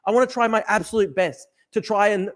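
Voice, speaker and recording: A young man hosts a livestream from his desk, talking in a rambling, swearing, fired-up rush. His speech comes quick and pressing. His voice sits a little high for a man. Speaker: livestream host. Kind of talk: casual livestream talk reading chat. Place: at a desk at home. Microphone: desk camera mic.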